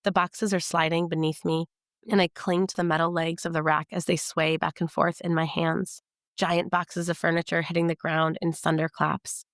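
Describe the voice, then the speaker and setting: Woman narrating her book in first person, gravelly voice, measured and tense, no room echo. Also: on the low side, a bit bright, studio quality. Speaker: author reading her novel.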